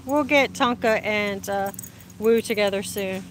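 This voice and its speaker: A woman speaks a little slowly in a mid-range voice, with a faint hiss or hum in the recording. She's outdoors in sunlight hosting a casual livestream, reading viewer comments on her phone. She's chatty and warm in her greetings, and she laughs frequently.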